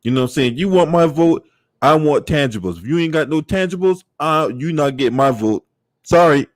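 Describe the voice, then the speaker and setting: A man livestreaming in casual chat, swearing freely, laughing often and shouting out viewers. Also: a little high, lively intonation, moderate pace, dry recording, studio quality.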